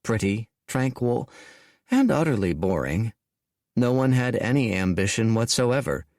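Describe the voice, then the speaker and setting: Brief: measured male audiobook reader, deliberate pacing, dry studio sound. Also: medium pitch, no echo. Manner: slow, deliberate, expressive reading. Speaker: audiobook narrator. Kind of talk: scripted audiobook narration.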